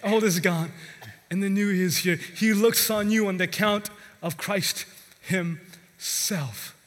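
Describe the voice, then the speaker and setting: Male pastor, emphatic sermon, high bright voice, in a reverberant church hall with faint music. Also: takes it slowly. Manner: earnest, emphatic, storytelling.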